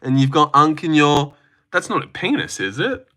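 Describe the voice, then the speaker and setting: A man's voice: fairly high pitch, sing-song, moderate pace, bright, forceful tone. A man hosting a casual livestream, reading and joking about chat messages. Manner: joking, chatty, reacts to chat messages aloud.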